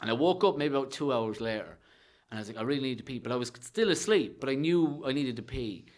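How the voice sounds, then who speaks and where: A young Irish man, a comedian, telling childhood stories in a casual podcast chat, swearing freely and animated. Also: mid-range voice, fairly quick. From Ireland. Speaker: comedian guest.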